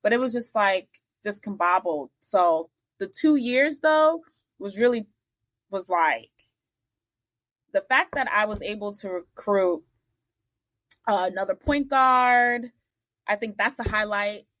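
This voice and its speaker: Woman podcast guest, animated storyteller who does the voices of people in her anecdotes, blunt, mid-pitched, dry close sound. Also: slow, long pauses, no room sound. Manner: animated, acts out the other people in her stories; blunt, salty asides. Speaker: interview guest. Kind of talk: casual storytelling interview.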